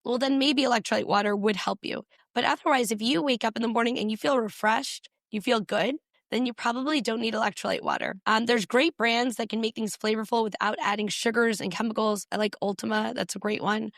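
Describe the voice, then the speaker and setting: A woman physician, a guest on a podcast, explaining health advice in brisk, numbered points. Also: a little high, fairly even intonation, gravelly, no echo, clean studio sound. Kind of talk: podcast interview.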